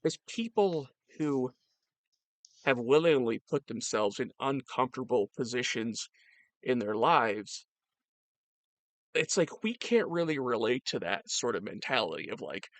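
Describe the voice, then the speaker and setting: A man co-hosting a casual chat, telling a story in an animated way with stammering restarts. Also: mid-range voice, unhurried, no room sound.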